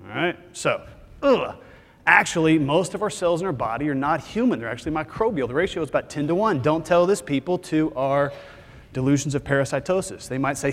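A man's voice: fairly high pitch, a little fast. A man from Texas, giving a joking, conversational conference lecture as a physician assistant. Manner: joking, conversational, lively delivery. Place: large conference hall. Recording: hall reverb.

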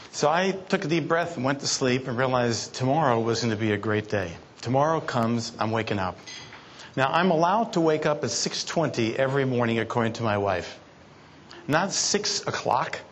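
A man's voice: medium pitch, slight background noise. A man giving a keynote talk at a conference, telling stories from his life in a playful, teasing way. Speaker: keynote speaker. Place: conference hall.

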